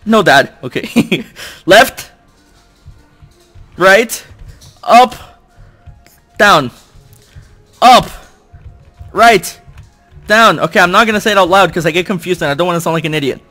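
A young man commenting on a video game he is playing into a desk microphone, his fairly high voice swinging widely between mutters and yelps. He talks slowly and shouts and groans in frustration, and he jokes at his own expense. Faint game music plays behind him. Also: animated. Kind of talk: let's play commentary. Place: at home.

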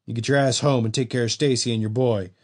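A man voicing a gruff elderly gun store owner who talks bluntly and swears, in an audiobook. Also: mid-range voice, steady tone, fast talker, lightly acted. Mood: grim. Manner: blunt and profane.

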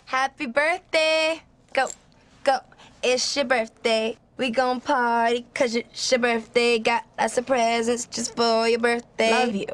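An excited woman shouts a surprise, then chants a birthday rap in a bouncy rhythm. Her voice sits a little high, and her delivery is slow and deliberate.

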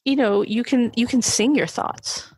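A woman's voice: fairly high pitch, a little slow, slightly rough, dry recording, clean studio sound. A woman co-hosting a podcast on therapy skills, chatting casually, laughing easily and joking about herself. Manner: warm, laughing easily, self-deprecating. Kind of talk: casual instructional chat.

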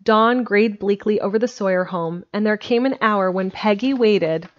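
A woman reading a storybook aloud in a steady, plain way on a home stream. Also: medium pitch, moderate pace. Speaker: amateur audiobook reader. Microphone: home streaming microphone. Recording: dull lo-fi home recording.

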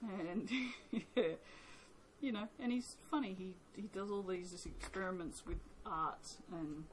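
Aussie lady chatting slow about her soaps, rambly and self-mocking, bit of hiss behind. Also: medium pitch, poor audio. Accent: Australian. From Australia. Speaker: soap maker. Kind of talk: casual vlog chat. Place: home workshop.

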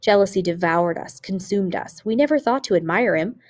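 A woman teacher reading a memoir aloud for students, with expressive delivery that rises on exclamations. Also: mid-range voice, normal speed.

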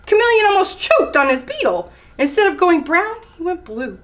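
A woman who is a children's librarian, reading picture books aloud at story time in an animated, expressive way. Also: very high voice, moderate pace.

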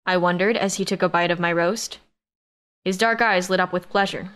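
A woman narrating a first-person audiobook in a steady storytelling manner. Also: lowish voice, moderate pace, clean tone.

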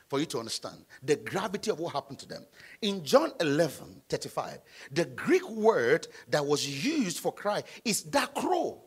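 A man, a pastor, preaching a midweek sermon in church, calling on the congregation to answer and bursting into shouts. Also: fairly high pitch, slightly rough. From Nigeria. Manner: preaching with sudden shouts and call-and-response.

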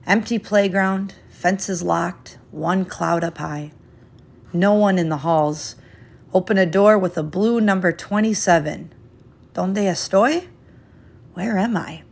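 Gentle woman reading a picture book. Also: on the low side, vocal fry. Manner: gentle, expressive, unhurried storytelling. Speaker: storyteller. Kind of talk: children's picture book read-aloud.

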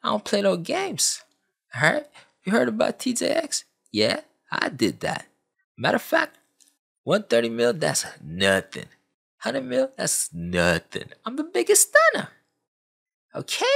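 Young male island hacker, boastful, squeaky high voice, street slang. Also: huge pitch swings, vocal fry, a bit bright, husky, full character voice. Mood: bragging. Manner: bragging, streetwise slang, rapid repeats.

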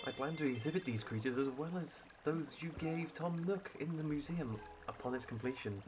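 A man's voice: normal speed, lightly acted. A man voicing a fussy, scholarly male owl museum curator who is squeamish about bugs, reading game dialogue in a pompous, sophisticated tone. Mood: lecturing. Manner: pompous, sophisticated tone with flowery wording and sudden squeaky jumps. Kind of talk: reading game dialogue aloud in character on a stream. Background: loud game music.

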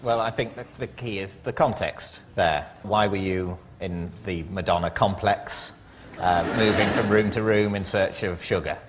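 A man who captains a team on a comedy panel show, questioning in a dry, deadpan way. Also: sits low, measured pace, background noise.

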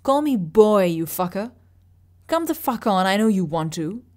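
An audiobook's furious young man, defiant and foul-mouthed, his voice pushed higher and louder as he lashes out, as a woman reads him. He spits insults in a raw, hot-tempered rush. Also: very animated, measured pace. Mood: angry. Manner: shouting, spitting insults.

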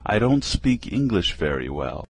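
Male reader, low and dry, clear slow phrase-by-phrase delivery for learners. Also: big pitch swings, dry recording. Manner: slow, carefully enunciated. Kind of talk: reading practice phrases.

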